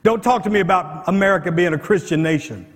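A male pastor preaching a fervent sermon, repeating himself and firing rhetorical questions, at times rising to shouts. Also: sits high, quick pace. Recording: long hall reverb.

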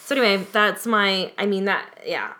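Bright-voiced woman telling a story. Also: mid-range voice, moderate pace. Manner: animated storyteller, acts out quoted people. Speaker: podcast co-host. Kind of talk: casual chat.

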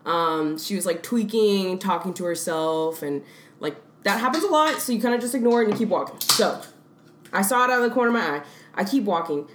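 A young woman co-hosts a podcast, telling a story in casual chat and laughing her way through the punchlines. Her medium-pitched voice is animated and fairly quick, recorded in an echoey room with faint noise.

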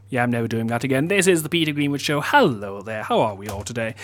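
A man's voice: medium pitch, big pitch swings, a little fast, no echo. A man hosting a comedy show, telling a story with self-mocking asides. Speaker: host. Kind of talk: comedic storytelling and news segment.

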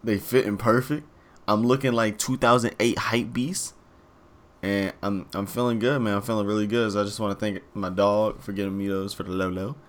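A young man co-hosting a podcast in casual chat, laid-back and slangy, swearing and trailing off softly. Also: fairly low pitch, fairly even intonation, moderate pace. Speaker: podcast co-host. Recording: faint background noise.

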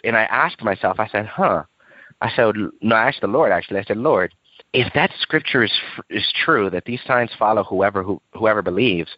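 A man's voice: lowish voice, no room sound. A young man, an evangelist, earnestly telling a personal testimony and acting out the dialogue as he goes. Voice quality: earnest, lively storytelling, acts out quoted dialogue. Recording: dull lo-fi dry recording.

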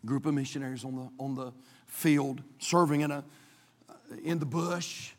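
A male pastor preaching a dramatic sermon, swinging from hushed tones to shouting, in a church sanctuary. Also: medium pitch, steady tone, normal speed, big-room sound.

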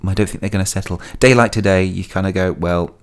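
A man's voice: sits low, steady tone, fast, smooth. A man telling stories on his solo podcast, chatty and prone to digressions and sidebars. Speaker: podcast host. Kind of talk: casual solo podcast storytelling.

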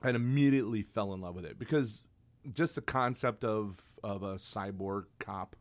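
In a casual chat, a male podcast co-host rambles enthusiastically and keeps restarting his sentences. His voice is on the low side and his pace is moderate.

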